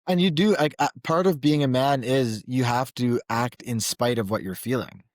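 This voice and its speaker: A man's voice: mid-range voice, normal speed, no room sound, studio quality. A man working as a men's coach, a guest on a podcast, explaining things in an earnest way with repeated checks like "right?". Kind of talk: casual podcast conversation.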